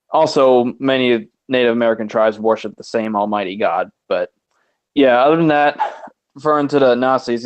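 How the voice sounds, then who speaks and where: A man's voice: mid-range voice, no room sound. A man on a panel, speaking earnestly and now and then losing his train of thought. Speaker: panel guest. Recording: dry, dull lo-fi audio.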